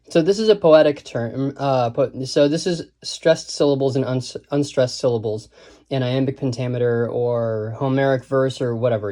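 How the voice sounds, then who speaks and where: A man's voice: mid-range voice, warm tone. A man giving a casual, digressive lesson on writing, thinking aloud and reciting quotes and lines of verse. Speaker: writing teacher.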